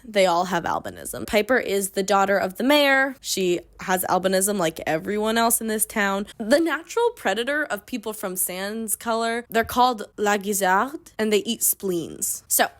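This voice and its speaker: A young woman, recapping a bad book in casual comedic style, sarcastic and animated, swinging between hushed asides and loud outbursts. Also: medium pitch, normal speed, hardly any pauses. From Canada. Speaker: book reviewer.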